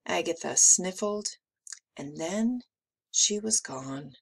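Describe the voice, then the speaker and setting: A woman teacher reading a picture book aloud with slow, expressive delivery. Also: lowish voice, creaky, husky.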